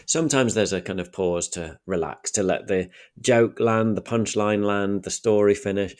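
A man's voice: on the low side, moderate pace, darkish tone. A man talking through practical communication tips in a solo podcast, shifting his pace and volume to demonstrate each point. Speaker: communication coach.

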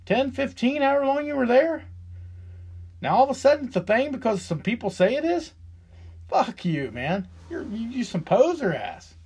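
A man's voice: extremely high pitch, big pitch swings, moderate pace, darkish tone, breathy edge. A man in his fifties delivering a profane, heated and sarcastic solo rant as a podcast host. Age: 50s.

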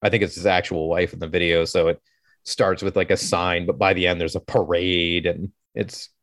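A Canadian man in his thirties co-hosts a podcast, rambling and joking with easy, casual swearing. His voice sits fairly low and sounds close and dry, with no room around it. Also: little pitch movement, normal speed, a bit bright, dry recording. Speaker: podcast co-host. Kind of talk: casual chat.

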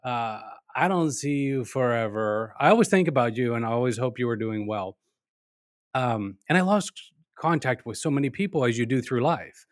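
A man's voice: medium pitch, lively intonation, moderate pace, dry recording. Friendly man hosting a podcast, dry sound. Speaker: podcast host. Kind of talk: casual interview chat.

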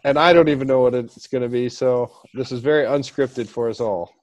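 A man's voice: medium pitch, fairly quick, darkish tone. A man hosting a podcast in casual chat, asking loose, rambling questions. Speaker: podcast host.

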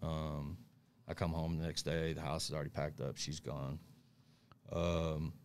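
A man's voice: extremely low pitch, level tone, unhurried, a little hiss or hum. A man speaking as a guest, telling his recovery story in a blunt, candid way, often tagging "right?" and "um". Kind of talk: recovery story in casual conversation.

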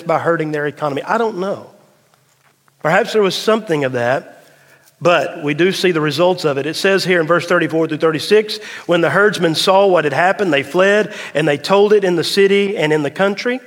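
A man, a pastor, preaching a sermon dramatically, rising louder and higher at climaxes and dropping low and slow for emphasis, with folksy asides. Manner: folksy, tells a dad joke. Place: church sanctuary. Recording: long hall reverb of a church.

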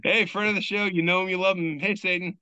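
A man's voice: high voice, steady tone, quick pace, pushed and bright, smooth, no echo, highs cut off. A man hosting a casual podcast, reading memes aloud in a loose, joking way and swearing freely. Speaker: podcast host.

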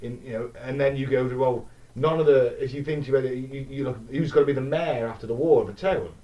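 A man's voice: mid-range voice, quick pace. Rambling man, distant dull mic. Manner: rambling, self-interrupting, conspiratorial. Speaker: podcast co-host. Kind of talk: casual podcast banter.

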